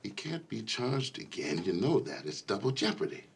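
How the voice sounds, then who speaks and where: A blunt, commanding police captain. His voice is gravelly with fry, and his pitch swings widely from low growls to sharp rises. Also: sing-song, moderate pace, slight background noise. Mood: stern. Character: gruff male police captain, blunt and weary. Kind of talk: film drama.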